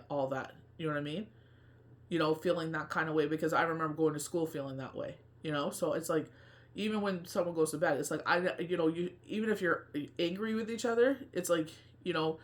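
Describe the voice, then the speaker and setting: A man's voice: on the high side, a bit bright. A man who works as a tarot reader and medium, talking in a casual personal monologue. His talk is earnest and confiding, rambling with many fillers and restarts.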